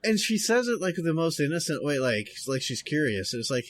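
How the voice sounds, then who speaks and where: A man's voice: a little high, big pitch swings, fairly quick, a little hiss or hum. A man co-hosting a podcast, telling an anecdote in a rambling way, full of "like" and restarts. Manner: rambling, hesitant, with many "like"s and restarts. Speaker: podcast co-host. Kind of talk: casual chat.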